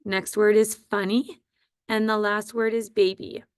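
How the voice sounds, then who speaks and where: A woman's voice: mid-range voice, level tone, measured pace, darkish tone, clean tone, no echo, clean studio sound. A woman teaching a recorded phonics lesson to first graders, patient and repeating words with frequent ums and okays.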